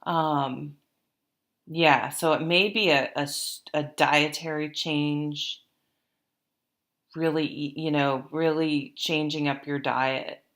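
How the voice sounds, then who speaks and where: A woman's voice: deep voice, fairly even intonation, slow, fairly bright tone. A woman giving a casual, rambling tarot reading to her viewers, with many fillers and restarts. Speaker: tarot reader.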